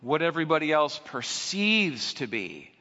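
A man's voice: on the high side, big pitch swings, moderate pace, bright, forceful tone. A male preacher giving a conversational sermon, posing rhetorical questions to his congregation. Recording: echoey hall, dull lo-fi sound.

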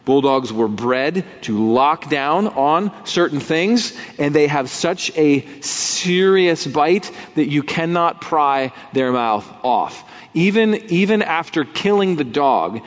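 A man's voice: mid-range voice, highs cut off. Man preaching with long hall reverb. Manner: conversational preaching with vivid imagery and acted quotes. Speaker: pastor. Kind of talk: sermon.

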